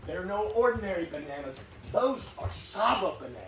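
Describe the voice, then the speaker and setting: An actor playing a harried, desperate theater staffer who scolds with exasperated insistence, in a live stage play. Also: male voice, high voice, lively intonation, brisk, fairly bright tone. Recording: echoey stage, distant mic, faint hiss.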